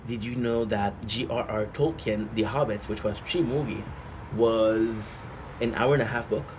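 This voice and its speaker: A man's voice: on the low side, moderate pace, noisy background. Rambling man chatting on stream. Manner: rambling, asks chat rhetorical questions. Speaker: gaming streamer. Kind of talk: casual livestream chat.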